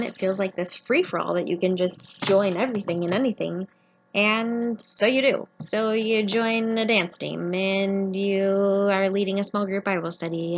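A woman in her thirties, a family physician, giving an earnest faith-based talk to medical trainees, sharing her own story. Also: medium pitch. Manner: earnest personal testimony. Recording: muffled lo-fi recording.

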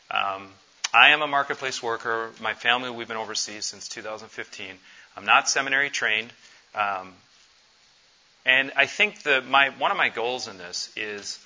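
At a missions conference, a man in his forties speaks earnestly and conversationally at medium pitch, stopping on fillers now and then. Despite the lo-fi, dull recording, his voice comes across bright and forceful.

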